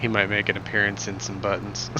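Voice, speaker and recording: A man's voice: on the low side, moderate pace. A young man streaming a game, chatting casually and jokingly as he reads chat aloud. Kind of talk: live gameplay stream chat. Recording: muffled, noisy recording.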